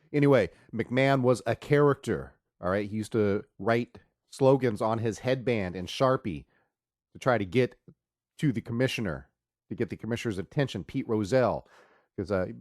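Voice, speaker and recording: A man hosting a podcast, casually rambling through joking sports stories after a loud, drawn-out opening. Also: on the low side, no echo, studio quality. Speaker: podcast host.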